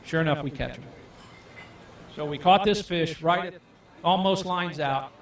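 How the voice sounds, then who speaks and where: Male fishing guide, raised voice, lively live storyteller who acts out the lines; roomy, distant pickup. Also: fairly high pitch, unhurried. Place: event hall. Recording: echoey room, far from the mic.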